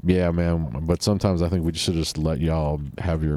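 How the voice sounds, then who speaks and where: A man's voice: very deep voice, level tone, moderate pace, few pauses, mellow, dry recording. A man hosting a solo podcast, talking in a rambling, offhand and profane way. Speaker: podcast host. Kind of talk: casual solo podcast chat.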